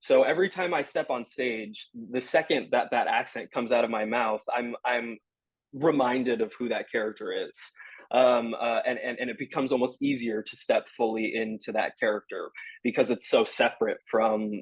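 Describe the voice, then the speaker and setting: A young adult man, a stage actor being interviewed, answering in a halting, earnest way as he searches for his words. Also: mid-range voice, breathy edge, no room sound, low-quality recording.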